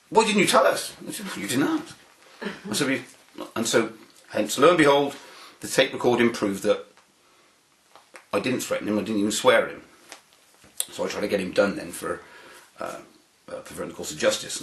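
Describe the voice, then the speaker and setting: A man's voice: lowish voice, a little fast, long pauses, a bit bright, reverberant, low-quality recording. A man giving an interview, telling a long anecdote in a rambling way, with many restarts and fillers. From United Kingdom. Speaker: interview guest.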